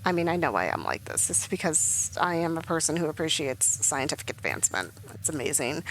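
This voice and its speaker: Brief: young woman streamer, rambly casual commentary, lively up-and-down pitch, lowish voice, faint hum behind. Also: a little fast, poor audio. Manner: rambling, emotional, many fillers.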